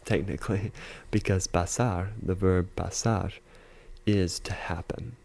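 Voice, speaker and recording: A man teaching a casual video lesson, explaining step by step with frequent fillers and slowly repeating example phrases. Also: low voice, fairly even intonation, darkish tone, husky. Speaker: language teacher.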